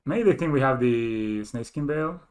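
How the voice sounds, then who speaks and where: A man calls his own card game out loud, counting damage under his breath and talking through each choice. His voice is mid-pitched and swings up and down a lot. He sounds like a streamer at a desk mic. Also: normal speed, smooth. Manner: thinks aloud, counting and muttering, bursts into excited laughing disbelief. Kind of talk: live gameplay commentary.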